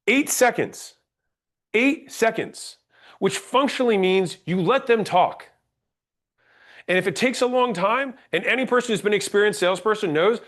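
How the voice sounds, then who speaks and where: A man teaching a sales class, blunt and emphatic, demonstrating pauses and rising inflection as he explains. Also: high voice, a bit bright. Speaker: sales trainer. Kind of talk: instructional talk on sales tonality.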